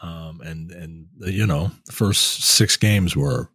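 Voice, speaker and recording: A man in his thirties with a low, husky voice, recorded dry and close. He co-hosts a casual podcast and talks in a hesitant, wry way, full of fillers and restarts. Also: takes it slowly, a bit bright, dry recording. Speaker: podcast co-host. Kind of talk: casual chat.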